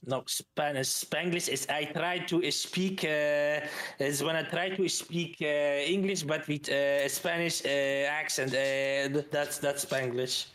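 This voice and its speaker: A man with a Flemish Belgian accent chats loosely on a live stream. His voice sits a little on the high side, and he rambles along with plenty of hesitations. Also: steady tone, slow pace, fairly bright tone. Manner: chatty, rambling with many hesitations. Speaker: streamer host. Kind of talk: casual stream chat.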